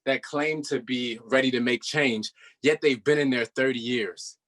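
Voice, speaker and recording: A man, a rapper and political organizer, speaking earnestly to an online audience in quick bursts with fillers. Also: mid-range voice, steady tone, a bit bright. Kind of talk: casual speech to a virtual audience.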